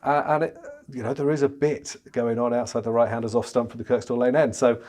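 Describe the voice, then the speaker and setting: Animated, stammering male cricket pundit. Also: medium pitch, fairly quick. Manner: stammering restarts, animated and chatty. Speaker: chief cricket correspondent. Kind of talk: casual podcast discussion.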